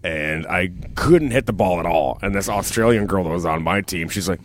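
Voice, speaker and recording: A man's voice: low voice, lively intonation, moderate pace, a little hiss or hum. A man telling laid-back stories in casual chat, swearing and laughing often.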